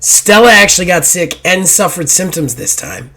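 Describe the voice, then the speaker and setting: A hoarse man hosting a gaming podcast, rambling and self-deprecating in casual chat, swearing now and then. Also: sits high, lively intonation, moderate pace, sharp tone. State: hoarse after illness. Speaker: podcast host.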